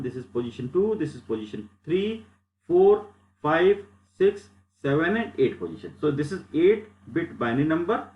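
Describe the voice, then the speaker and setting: A man's voice: a little high, dull audio. Man explaining slides in an echoey room. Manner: step-by-step explaining, repeats phrases. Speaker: lecturer. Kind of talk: slide lecture.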